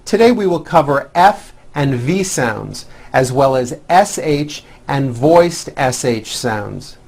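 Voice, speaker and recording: A middle-aged man presenting a scripted pronunciation lesson, speaking clearly and carefully as a teacher. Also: medium pitch. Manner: clear, careful instructional delivery.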